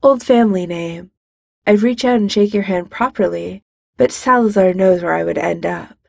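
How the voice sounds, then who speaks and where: A woman voicing a refined, deep-voiced posh young man who speaks in a measured, brisk way. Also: vocal fry, a little mellow, dry recording, clean studio sound.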